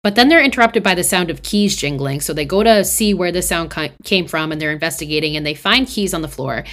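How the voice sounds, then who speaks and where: A woman with a low-pitched voice hosts a podcast and retells a movie plot in a loose, conversational way. She swears freely and fills her sentences with "like" and "basically". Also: lively intonation, brisk, fairly bright tone. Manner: chatty, profane, uses many fillers. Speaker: podcast host. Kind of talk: casual movie recap.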